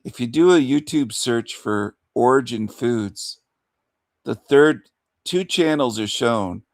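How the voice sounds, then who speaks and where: A man's voice: mid-range voice, lively intonation, takes it slowly, dry recording, studio quality. A man hosting a livestream rant in a mocking, taunting manner, chuckling between insults. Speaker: livestream host.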